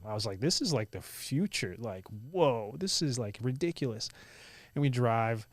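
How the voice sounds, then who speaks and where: A young man from India who now speaks with an American accent, telling stories as a guest in a casual interview, animated and full of "like". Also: medium pitch, measured pace, dry recording. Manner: animated, lots of "like" and "I was like" quotes.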